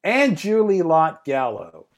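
A man's voice: on the high side, takes it slowly, gravelly. A middle-aged man, a film director guest, telling anecdotes in an interview, acting out quotes and laughing often. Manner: lively raconteur, acts out quotes, laughs often.

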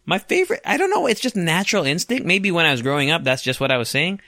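A man's voice: a little high, sing-song, quick pace, sharp tone, dry recording, studio quality. A man in his late twenties hosting a solo podcast, talking casually with swearing and self-mocking humor. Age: 20s. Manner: casual, profane, self-mocking, laughs often. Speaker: podcast host.

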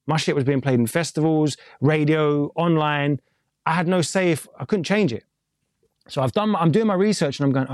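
A man from England with a London accent talks shop in a relaxed interview, candid and rambling, with casual swearing along the way. His voice sits a little high for a man. The sound is dry and close, with no room echo. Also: normal speed. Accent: London English. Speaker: music producer and mix engineer.

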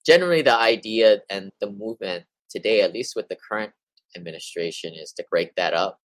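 Deep-voiced man explaining housing policy casually. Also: fairly quick, a bit bright, dry recording, rough recording. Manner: conversational, addresses listeners as you guys, with asides. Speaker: real estate investing newsletter host. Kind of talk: casual explainer reading and commenting on articles.

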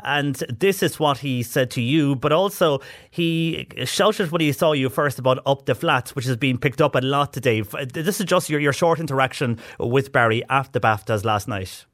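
A man hosting a radio show, talking in a measured way and often pausing on "uh" sounds. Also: medium pitch, a bit bright, no echo, clean studio sound. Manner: measured, with frequent "uh" pauses. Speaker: radio host. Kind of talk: radio interview chat.

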